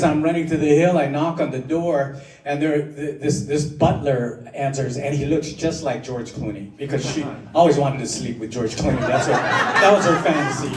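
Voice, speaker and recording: A man's voice: on the high side, steady tone, noisy background. Middle-aged man telling a story on stage. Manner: halting, full of fillers and restarts, mixing grief with self-mocking humor. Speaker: open mic performer. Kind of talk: personal storytelling at an open mic. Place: underground performance venue on a live stage. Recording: roomy, distant live room with crowd. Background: audience laughing.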